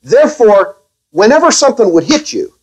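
Addressing his own congregation, a pastor preaches carefully, restarting his sentences and dropping wry, gently sarcastic asides. His voice is high, very animated, and fairly quick, though the audio quality is poor.

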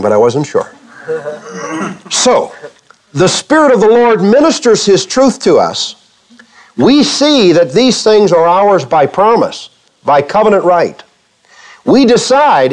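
Lively, higher-voiced preaching pastor. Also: male voice. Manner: animated preaching with rhetorical questions to the congregation; acts out quoted speech for humor. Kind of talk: sermon. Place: church before a congregation.

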